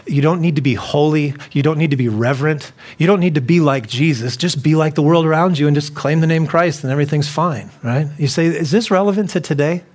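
A man's voice: a little high, a little fast, few pauses, a little mellow. A middle-aged man preaching a sermon to a congregation in a loose, conversational way, often repeating himself and putting questions to the listeners. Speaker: pastor.

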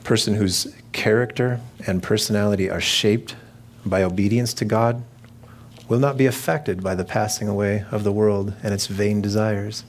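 A man's voice: on the low side, steady tone, moderate pace. A middle-aged man preaching a sermon in a conversational, jokey way, slipping into mimicked voices for asides. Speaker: pastor.

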